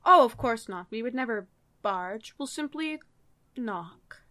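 A woman playing a tabletop role-playing game, playful and expressive. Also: a little high, a little slow. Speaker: player. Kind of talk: in-character tabletop play.

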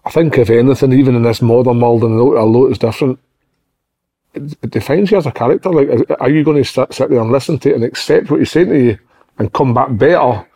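A man's voice: medium pitch, fast talker, mellow, slightly rough. A middle-aged Scottish man, a podcast host, telling blunt, sweary stories in casual chat. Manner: swears freely, tells blunt anecdotes.

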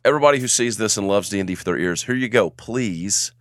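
A man's voice: on the low side, lively intonation, fast, dry recording, studio quality. A man hosting a tabletop game podcast as game master, joking and rambling while medicated for allergies. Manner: jokey, rambling, laughs a lot. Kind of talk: casual podcast chat and game recap.

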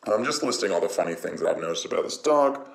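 Man, casual rambling monologue, jokey, swears, lively pitch, echoey room. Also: quick pace, creaky. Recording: roomy echo.

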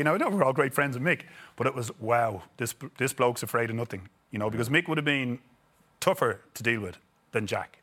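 A man's voice: mid-range voice, expressive, a little fast, fairly bright tone. A middle-aged Irish man, a former footballer, telling stories in an interview, rambling and repeating words as he acts out quotes. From Ireland. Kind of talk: casual storytelling interview.

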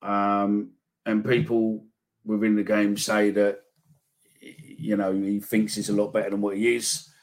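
A middle-aged man chatting about football, hesitant and halting, often repeating himself. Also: lowish voice, completely flat delivery. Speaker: football podcast co-host. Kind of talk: casual fan chat.

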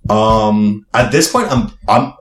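A man's voice: lowish voice, slow pace, a bit bright. A young man from Miami, a guest comedian, telling a story in a rambling, profane way full of fillers. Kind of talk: casual podcast storytelling. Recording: roomy echo.

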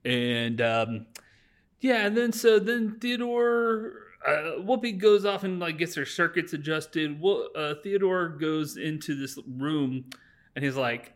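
A man's voice: a little high, expressive. Rambling man recapping a movie. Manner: rambling, acts out characters' lines in quick voices. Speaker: podcast host. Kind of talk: casual chat, recapping a movie.

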